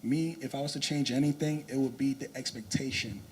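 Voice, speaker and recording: A man's voice: mid-range voice, fairly even intonation, brisk, crowd noise. Casual man on a church panel. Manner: casual, conversational, many "you know".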